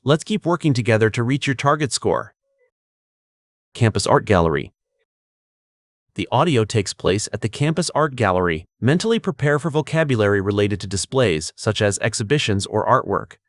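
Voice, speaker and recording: Man, test prep instructor, scripted coaching, clear and measured, dry sound. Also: fairly low pitch, animated, dry recording.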